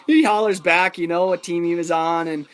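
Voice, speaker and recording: A man's voice: sits high, steady tone, moderate pace. A man casually telling a story about his own travels, rambling with lots of fillers and chuckles.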